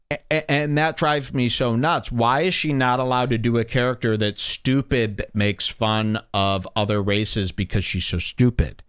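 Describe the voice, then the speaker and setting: A man's voice: medium pitch, a bit bright, clean tone. A man hosting a podcast, reacting to clips with heated, emphatic, scornful commentary. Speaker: podcast host.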